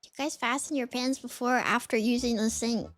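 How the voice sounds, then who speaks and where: A woman's voice: fairly high pitch, steady tone, brisk. A woman streamer chatting casually with her viewers, giggling a lot and apologizing often. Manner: giggly, keeps laughing and apologizing. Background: faint game music.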